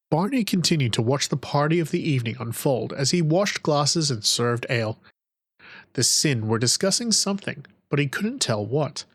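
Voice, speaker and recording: Man, audiobook narrator, measured scripted storytelling, mid-pitched, very dry close-mic sound. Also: dry recording, low-quality recording.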